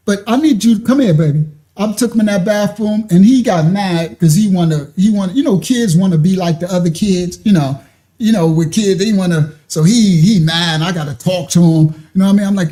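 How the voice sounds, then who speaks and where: Man spinning a story, keeps laughing, high-ish mellow voice. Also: normal speed. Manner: animated, laughs often, acts out quoted voices. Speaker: show host telling a personal story. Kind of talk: casual storytelling.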